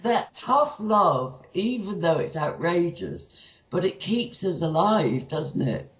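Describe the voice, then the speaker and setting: A man's voice: sits high, big pitch swings, slow pace, a bit bright, roomy sound, highs cut off. A man interviewing a guest in casual, chatty talk, telling anecdotes. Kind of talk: casual chat.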